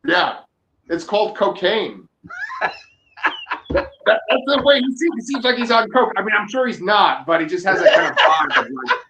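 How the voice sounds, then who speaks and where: A man's voice: high voice, moderate pace, pauses often, background noise. A man co-hosting a podcast, chatting casually. He swears a lot and jokes as he tells stories. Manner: profane, joking, animated storytelling. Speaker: podcast co-host. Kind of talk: casual chat. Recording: echoey room.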